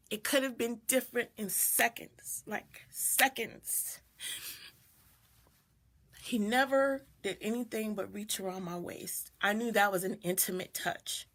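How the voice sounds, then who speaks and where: This middle-aged doula and video host has a mid-range, slightly bright voice. Sharing a personal story on a live stream, she's reflective and pauses mid-story to greet viewers.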